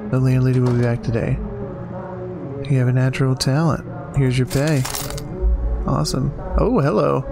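A man hosting a casual let's-play, chatting to himself and reading game text aloud with excited exclamations. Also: medium pitch, moderate pace, creaky, long pauses, over music. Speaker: gaming channel host.

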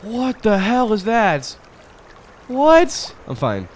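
A young man commenting on his own play of a hard game, mumbling one moment and shouting and swearing the next. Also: high-pitched, wildly swooping pitch, slow, a little hiss or hum. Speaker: gaming streamer. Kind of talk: reactive gameplay commentary.

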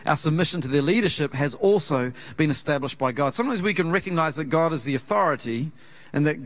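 Earnest New Zealand pastor preaching. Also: male voice, on the high side, fairly bright tone. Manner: storytelling, acts out quoted voices, earnest. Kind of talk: sermon. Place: church auditorium.

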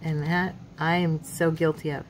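A chatty woman with a drawl talks through a craft project at home, mixing in little prayers and laughing at her own mishaps. Her voice sits fairly low. There is a faint hiss behind her. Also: level tone, moderate pace. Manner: chatty, faith-filled asides, laughs at herself. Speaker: craft channel host. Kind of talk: casual crafting tutorial chat.

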